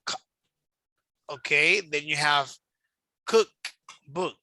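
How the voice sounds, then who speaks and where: Man, english teacher, online lesson, very bright voice, dry close sound, patient and repetitive. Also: a little high, unhurried, no room sound. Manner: patient, repeats himself, models word stress. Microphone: video call.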